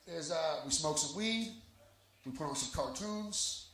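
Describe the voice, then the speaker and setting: A man's voice: fairly high pitch, lively intonation, a little slow, sharp tone, some chatter behind. A man doing a live stand-up set on a lounge stage, telling raunchy, self-deprecating stories into a stage mic. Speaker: stand-up comedian. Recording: echoey lounge with background noise.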